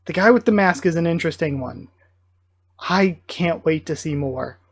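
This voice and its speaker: A fairly high-voiced man hosting a live reaction, talking his thoughts out as they come. He sounds excitable and musing, often stopping to correct himself. The sound is close and dry, with no room around it. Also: normal speed, gravelly, slightly rough, no room sound. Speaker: reaction video host. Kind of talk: live reaction commentary, thinking aloud.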